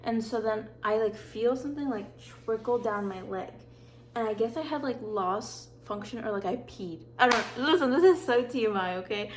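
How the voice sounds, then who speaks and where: A woman's voice: on the high side, slight background noise. Chatty young woman telling stories. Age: 20s. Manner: chatty, filler-heavy, dramatic retelling. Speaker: vlogger. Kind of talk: casual storytelling.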